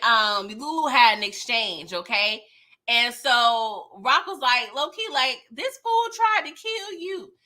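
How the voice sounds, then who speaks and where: Bright, animated woman recapping a show. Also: fairly high pitch. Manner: animated, laughing, slangy, retells scenes in quoted voices. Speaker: YouTube show recap host. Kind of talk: casual live TV recap.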